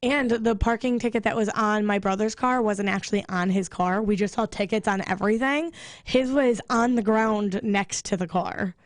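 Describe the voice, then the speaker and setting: A woman radio co-host ranting and swearing in casual chat, fired up and talking fast. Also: medium pitch, steady tone, no room sound, clean studio sound. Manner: angry venting, swearing, rapid rants.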